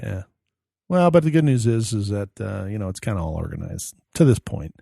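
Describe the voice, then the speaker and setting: A man's voice: lowish voice, sing-song, fairly quick, vocal fry, mellow, no room sound, studio quality. A man co-hosting a podcast in casual chat, a rambling storyteller who acts out the voices of people in his anecdotes. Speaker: podcast co-host.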